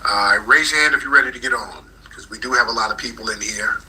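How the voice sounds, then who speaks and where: A man's voice: medium pitch, fast, hardly any pauses, pushed and bright, a little hiss or hum, rough recording. A man hosting a live call-in talk room, combative and repeating his points insistently.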